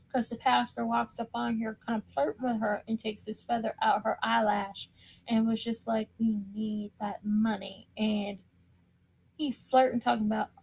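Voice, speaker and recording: A woman giving a casual, opinionated recap of a TV episode, chatty and emphatic, repeating words for stress. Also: fairly high pitch. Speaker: TV show recap commentator.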